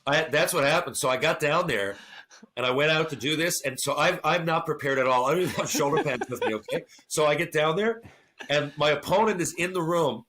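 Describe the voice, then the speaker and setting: A man's voice: a little high, brisk. A middle-aged man chatting on a podcast as a guest. He tells a long story with lots of swearing and acts out the lines of the people in it. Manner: animated, profane, acts out quotes. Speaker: podcast guest, former hockey fighter. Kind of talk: casual storytelling chat.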